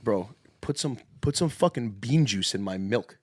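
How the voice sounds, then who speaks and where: A man's voice: on the low side, expressive, normal speed, no room sound, clean studio sound. A young man in his twenties co-hosting a podcast, chatting casually and animatedly, swearing freely and laughing often. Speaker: podcast co-host, pitching coach.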